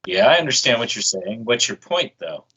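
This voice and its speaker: A man's voice: medium pitch, sing-song, fairly quick, pushed and bright, breathy edge, dull audio. A man playing a tabletop role-playing game, bluntly declaring what his character does. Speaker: player. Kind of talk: tabletop role-play chat.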